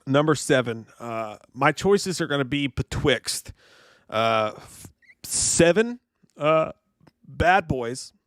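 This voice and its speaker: Dude cohosting a movie show, swears a lot, cracks himself up, dry close sound. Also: male voice, mid-range voice, expressive, slow, a bit bright, dry recording. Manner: crude, laughing, acts out film lines. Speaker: co-host. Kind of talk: casual podcast chat.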